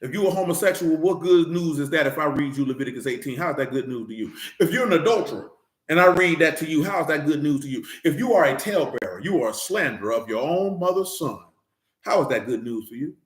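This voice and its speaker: A man's voice: a little high, animated, fast talker, reverberant. A man preaching an informal Bible teaching, fiery and slangy, hammering his points with repeated rhetorical questions.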